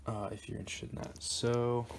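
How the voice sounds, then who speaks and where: A man hosting a casual do-it-yourself tutorial, explaining things in a halting way with lots of ums and restarts. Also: medium pitch, flat delivery, a little hiss or hum. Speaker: DIY car audio tutorial host. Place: garage workshop.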